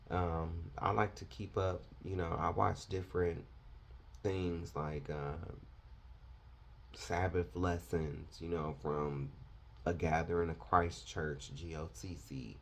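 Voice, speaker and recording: A man's voice: deep voice, steady tone, measured pace, gravelly, husky. A man preaching a confrontational, fiery sermon, lecturing his listeners.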